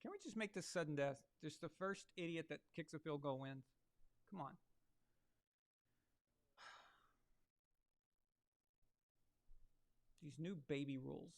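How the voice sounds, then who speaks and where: A man's voice: on the high side, slow, vocal fry, pauses often. A man hosting a live sports watch-along, talking casually with crude, sarcastic asides. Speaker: live sports show host.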